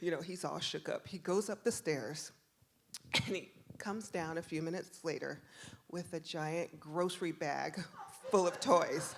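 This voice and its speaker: A woman performing a true story on stage, animated and laughing as she acts out the voices. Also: fairly low pitch, a little slow, creaky. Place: stage at a live venue.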